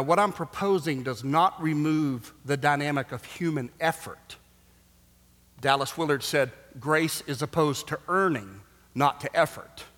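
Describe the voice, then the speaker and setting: A male pastor delivers a sermon in a voice of ordinary pitch for a man. He drops to hushed, slow stretches, then rises loud and emphatic. The sound carries a long reverb from a large hall.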